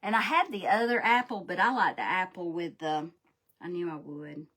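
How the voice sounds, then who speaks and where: Bright-voiced woman chatting while crafting. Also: on the low side, normal speed. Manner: folksy, scatterbrained, talks straight to viewers. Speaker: crafting livestream host. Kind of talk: chatty live craft demo.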